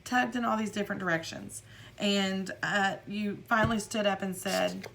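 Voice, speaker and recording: Woman tarot reader, casual and rambling, mid-pitched, slight background hiss. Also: unhurried, gravelly, a bit bright. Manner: rambling, repeats words, acts out quotes.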